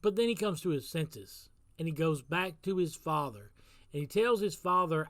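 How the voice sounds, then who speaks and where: Earnest pastor man, slightly high voice. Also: expressive, normal speed, a bit bright, no room sound. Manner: earnest, repeats phrases for emphasis. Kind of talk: casual devotional talk with a story.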